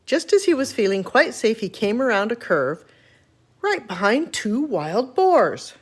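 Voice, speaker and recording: An older woman reading a children's chapter book aloud, her voice rising and falling with lively expression. She tells the story with gentle, animated storytelling. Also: fairly high pitch, unhurried, slightly rough.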